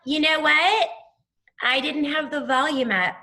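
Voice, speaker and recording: A woman teaching young children in an online class, talking slowly and patiently, spelling out sounds. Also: high voice, bright, forceful tone.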